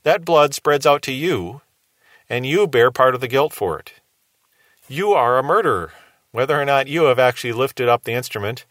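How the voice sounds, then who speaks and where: A man's voice: mid-range voice, a bit bright, no echo. A man giving a radio Bible teaching in an earnest, reasoning way, posing rhetorical questions to his listeners.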